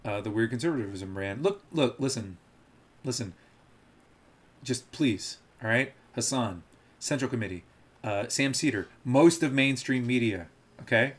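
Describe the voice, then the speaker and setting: Male live streamer, rambling, laughing, mocking, mid-pitched. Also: moderate pace.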